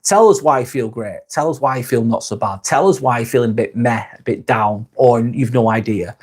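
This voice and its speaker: A British man hosting a live stream, chatting with viewers in a calm, relaxed, easygoing way. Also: medium pitch, brisk, breathy edge. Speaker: live-stream host reading viewer comments. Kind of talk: casual live-stream chat.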